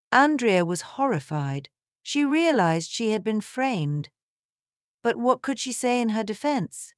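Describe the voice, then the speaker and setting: A woman narrating a scripted story in a steady, even way. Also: lowish voice, normal speed, dry recording, studio quality.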